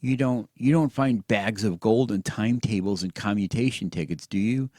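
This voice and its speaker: A man voicing an excitable boy adventurer in a storybook reading, breathless and insistent, often near shouting. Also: on the low side, moderate pace, no echo, studio quality, voice pushed up, close to an everyday voice. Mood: excited.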